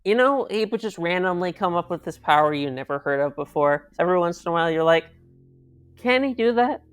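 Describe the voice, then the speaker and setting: A man guesting on a casual cartoon review chat, talking in a relaxed, rambling way. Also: fairly high pitch, fast, clean tone, faint music behind. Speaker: guest co-host.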